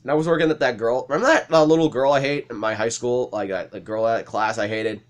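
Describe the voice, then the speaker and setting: A man's voice: mid-range voice, steady tone, quick pace. Swearing young man rambling through stories. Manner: rambling, heavy swearing, frequent laughs. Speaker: let's play host. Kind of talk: casual storytelling over gameplay.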